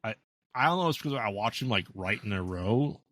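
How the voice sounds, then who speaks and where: A man's voice: lowish voice, expressive, fast talker, fairly bright tone, no echo. A man co-hosting a podcast, giving laid-back, hesitant opinions on a film. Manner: laid-back, hesitant with ums and restarts, dry asides. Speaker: podcast co-host. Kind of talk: casual movie review chat.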